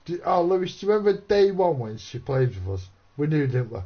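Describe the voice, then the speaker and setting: A man's voice: a little high, very animated, a little fast, slightly rough. A man streaming a game, bantering and teasing his friends over voice chat. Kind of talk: casual chat. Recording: dull lo-fi voice chat.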